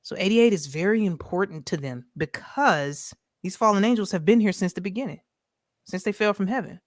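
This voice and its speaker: A podcast co-host with a mid-range voice rants casually over a video call, speaking briskly and with emphasis. She keeps repeating her points and tossing in "right?" as a rhetorical check. The sound is clean studio audio without echo.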